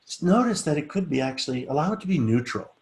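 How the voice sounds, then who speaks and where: A middle-aged man teaching a live online class, chatting casually and then talking the group slowly through a relaxation exercise. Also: on the high side. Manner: relaxed, coaxing, speaks slowly and softly when guiding. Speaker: teacher leading a group session.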